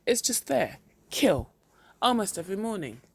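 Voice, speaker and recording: A reader voicing a depressed middle-aged husband who speaks in a slow, dull monotone, in a storybook reading. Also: medium pitch, gravelly, husky, no echo, pitched above the performer's own voice, exaggerated voice. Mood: flat.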